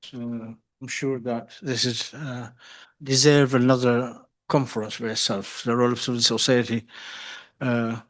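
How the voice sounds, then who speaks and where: Male panel chair, mid-pitched, halting delivery. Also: level tone. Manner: halting, with pauses. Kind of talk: moderating a panel.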